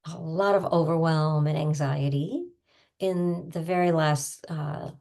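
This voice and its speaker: An older woman giving a self-help tapping lesson in a gentle, encouraging manner. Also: deep voice, fairly even intonation, measured pace, vocal fry. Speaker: tapping coach.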